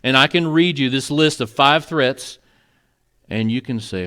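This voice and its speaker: A man's voice: mid-range voice, a little slow, sharp tone. A male pastor preaching an earnest, conversational sermon in a church, with moments of emotion. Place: church sanctuary.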